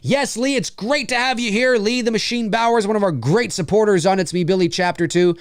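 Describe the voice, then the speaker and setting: A man's voice: high-pitched, brisk, clear, resonant tone, no echo, clean studio sound. A man from Canada hosting a casual live-stream Q&A, rambling, repeating phrases and reading out viewers' comments.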